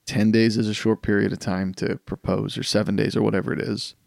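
A man co-hosting a casual podcast, telling stories in an animated, rambling way with frequent restarts. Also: fairly low pitch, a little fast, gravelly, dry recording, studio quality. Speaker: podcast co-host.

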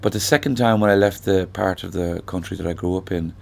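An Irish man in his sixties, a singer-songwriter guest telling stories in a thoughtful, unhurried way during an interview. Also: low-pitched, creaky, a little mellow. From Ireland. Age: 60s. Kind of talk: reflective conversational interview.

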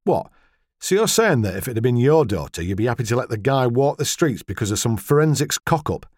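A man's voice: mid-range voice, big pitch swings, fairly quick, a little mellow, husky, dry recording, studio quality. A man voicing a cheeky, blunt English husband with a teasing, sarcastic edge in an audiobook.

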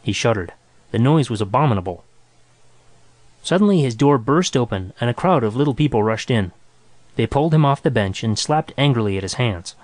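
A man reads a short story aloud in a steady, measured voice. The sound is close and dry, with no room around it. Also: medium pitch, no echo. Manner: even, measured reading. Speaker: narrator. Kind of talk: scripted story narration.

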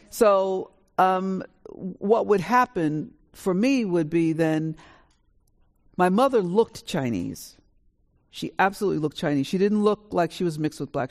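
A woman in her sixties shares her family story on stage at a live panel. She is from New York and speaks with lively, animated energy. She acts out the dialogue as she goes. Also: lowish voice. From New York, USA. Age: 60s. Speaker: author on a panel. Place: college auditorium with a live audience.

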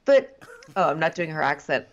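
Woman, medium pitch, muffled lo-fi sound, playful gossipy chat. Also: sing-song, normal speed. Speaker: podcast co-host. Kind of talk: casual chat.

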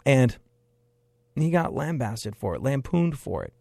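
A man's voice: mid-range voice, sing-song, a little slow, vocal fry, dark tone, slightly rough, no room sound. Sarcastic male political commentator. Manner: sarcastic, emphatic, repeats phrases for effect.

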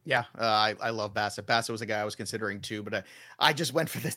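A man's voice: on the low side, sharp tone, dry recording, clean studio sound. A man hosting a fantasy baseball draft, casually reading off picks and joking with the panel. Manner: recaps picks in quick lists, joking.

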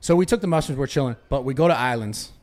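A young man with a medium-pitched, slightly mellow voice talks fast on a podcast, where he's the host. He tells a story animatedly in casual chat, swearing a lot and restarting his sentences.

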